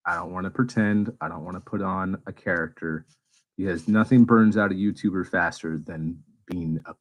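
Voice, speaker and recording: A man hosting a casual livestream, chatting candidly and swearing freely, and now and then working himself into animated rants. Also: lowish voice, rough recording. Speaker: space YouTuber and livestream host.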